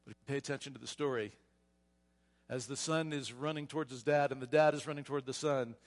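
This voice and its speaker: A male pastor preaching a storytelling sermon, animated, often repeating words as he goes. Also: medium pitch, fast talker, long reverb tail. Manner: animated retelling, frequent repetitions. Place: church sanctuary.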